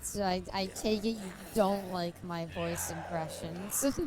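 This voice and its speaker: Slow-talking woman streamer, laughing. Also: on the low side, steady tone, music in the background, rough recording. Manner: laughs often, reads chat aloud and banters. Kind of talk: casual livestream chat while gaming.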